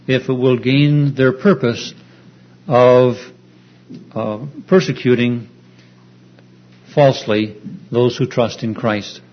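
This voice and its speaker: Guy preaching a sermon, earnest and explaining, lots of uhs, mid voice, dull old tape sound. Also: mid-range voice. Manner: earnest, explanatory, with frequent uh fillers. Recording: dull lo-fi recording.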